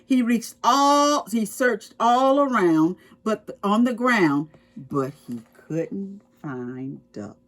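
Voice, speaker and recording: A woman reading a picture book aloud to preschoolers, explaining words and asking the children questions as she goes. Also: medium pitch. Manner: expressive, slow and explaining to children. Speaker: children's storytime reader.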